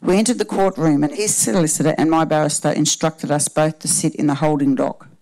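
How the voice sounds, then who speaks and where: A woman, a panel guest reading her own personal story aloud in a steady, measured way. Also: low-pitched, rough recording.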